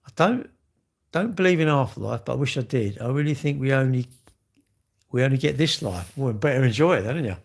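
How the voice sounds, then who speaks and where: A man's voice: medium pitch, expressive, fairly quick, vocal fry. A middle-aged man, hosting a live stream and chatting casually as he reads out viewer comments, in rambling, jokey, self-mocking banter. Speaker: livestream host.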